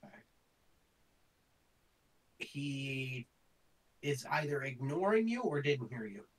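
A man running a tabletop game as game master, narrating in a relaxed, rambling way with many fillers. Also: mid-range voice, slow, far from the mic, poor audio.

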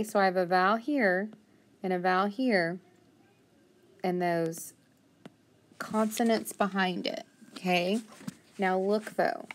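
A woman teaching a phonics lesson, thinking aloud and patiently sounding out words, with steady praise. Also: mid-range voice, a little hiss or hum.

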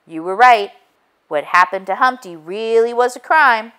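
Chief Goose, a gruff police goose read by a woman. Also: on the high side, unhurried, a bit bright. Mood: matter-of-fact.

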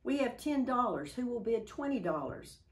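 A woman voicing a persistent male auctioneer in a story, calling bids in a measured, insistent way. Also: on the high side, big pitch swings, voice pushed up.

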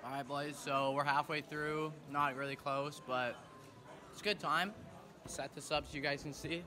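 A man's voice: on the high side, steady tone, moderate pace, a crowd in the background. A young man from Canada vlogging casually on his phone outdoors, rambling and laid-back with plenty of slang. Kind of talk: casual vlog chat. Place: outdoors and in a car. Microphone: phone camera at arm's length.

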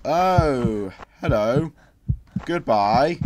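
A man's voice: mid-range voice, lively intonation, drawn-out words, noisy background. Exasperated man yelping through horror gameplay. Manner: sarcastic, exasperated grumbling with sudden screams. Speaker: gameplay commentator. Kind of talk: horror game let's play commentary.

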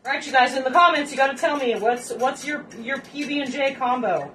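Her voice sits high, a bit bright and fairly quick as she hosts a home cooking show in her kitchen. She chats and rambles casually, cracking jokes to viewers, captured on a distant mic with faint noise behind her.

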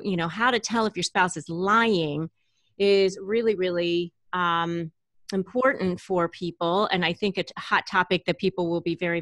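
A woman's voice: on the low side, fairly bright tone, no echo, clean studio sound. A middle-aged woman hosting a podcast interview, friendly and enthusiastic, with frequent ums and restarts. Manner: friendly, enthusiastic, hesitant with fillers. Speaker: podcast host.

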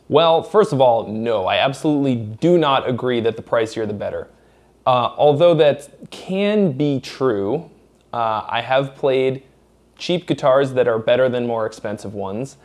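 A man's voice: mid-range voice, expressive, a little slow, a little mellow. Guy from massachusetts answering viewer questions, blunt and swears a lot, no accent. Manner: blunt, profane, candid. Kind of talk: casual Q&A chat.

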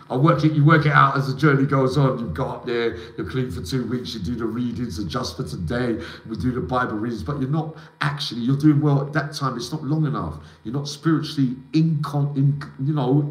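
A man hosting a livestream, rambling emotionally and calling out viewers by name in slangy casual talk. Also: mid-range voice. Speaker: livestream host. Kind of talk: rambling live chat with viewers. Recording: echoey room.

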